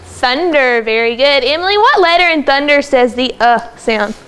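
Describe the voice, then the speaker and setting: A woman teaching a second grade phonics lesson in a classroom, brisk and encouraging as she calls on pupils by name. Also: sits high, lively intonation, a bit bright. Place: classroom with children.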